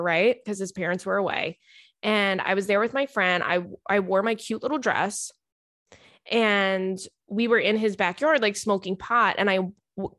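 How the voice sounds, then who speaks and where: A young adult woman hosting a podcast, chatting casually and telling animated stories with frequent laughs and swearing. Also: mid-range voice, no echo, clean studio sound. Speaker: podcast host reading listener stories. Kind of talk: casual chat.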